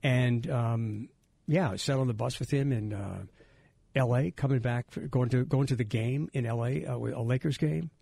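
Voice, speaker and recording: A man's voice: medium pitch, normal speed, gravelly, warm tone, breathy edge, no room sound. A middle-aged man hosting a radio talk show, rambling and restarting his sentences as he tells stories. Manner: rambling, self-interrupting storyteller.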